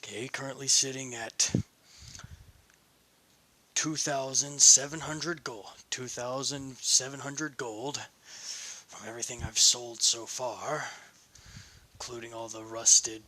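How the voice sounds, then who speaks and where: A man's voice: mid-range voice, bright, forceful tone, exaggerated voice. A man voicing Naruto as a young male ninja adventurer who mutters to himself while shopping, hungry and grumbling.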